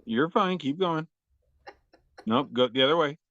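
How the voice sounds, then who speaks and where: A man's voice: a little high, expressive, unhurried, a bit bright, no echo, highs cut off. A man co-hosting a podcast, presenting memes in a laid-back, profane, self-deprecating way. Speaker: podcast co-host. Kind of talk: casual chat presenting memes.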